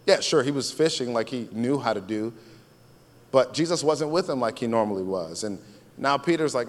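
A man's voice: medium pitch, expressive, normal speed. Casual preaching man in a reverberant hall. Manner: casual, conversational preaching with repeated phrases. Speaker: pastor. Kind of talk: sermon.

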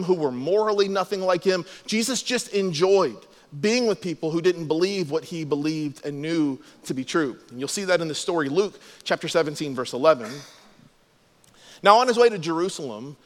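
A man's voice: high voice, in a large hall. A man preaching a sermon as a pastor, explaining scripture and acting out the quoted lines.

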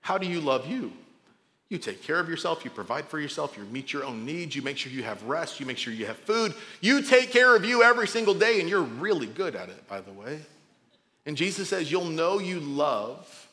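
Pastor guy preaching, bright tense voice a bit high, big echoey hall, gets loud then drops way down. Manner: dynamic, swings from loud emphasis to quiet drops; conversational, informal asides. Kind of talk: sermon.

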